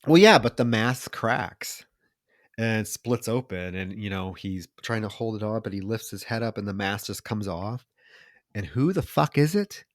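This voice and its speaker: On his podcast, a man walks through a horror film scene by scene in a casual, profane, lively way, complete with mock voices. His voice is on the low side and measured in pace, with no room sound.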